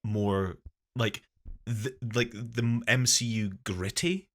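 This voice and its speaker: A man's voice: on the low side, steady tone, slow. A man co-hosting a casual podcast chat, hesitant and thinking aloud. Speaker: podcast co-host.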